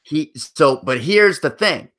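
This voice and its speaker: A man's voice: a little high, lively intonation, takes it slowly, fairly bright tone. A man co-hosting a podcast in casual, profane chat, passing along news and rumors. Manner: profane, rumor-sharing banter. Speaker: podcast co-host.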